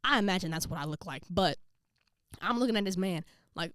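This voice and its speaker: Young woman rambling thru a story, slangy and animated, dry close sound, no room at all. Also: on the low side, no echo. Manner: animated, slangy, quick asides and quoted voices. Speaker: vlogger. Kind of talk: casual storytelling to camera.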